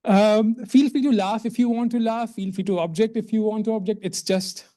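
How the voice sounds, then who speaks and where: A man's voice: high voice, steady tone, moderate pace, dark tone. A man giving a public lecture as a guest speaker in a lecture hall, effusive and emotional, often repeating words as he goes.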